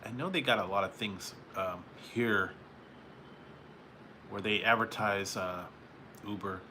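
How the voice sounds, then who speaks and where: A man's voice: lowish voice, unhurried, pushed and bright, slight background noise. A man hosting a live stream, chatting casually with viewers in a rambling way and chuckling often between remarks. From California. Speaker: live-stream host reading chat.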